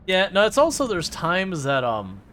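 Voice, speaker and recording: A man's voice: high-pitched, huge pitch swings, moderate pace, pushed and bright, a little hiss or hum. A man chatting casually to his chat while streaming a driving game, rambling with lots of fillers and playfully mocking the game.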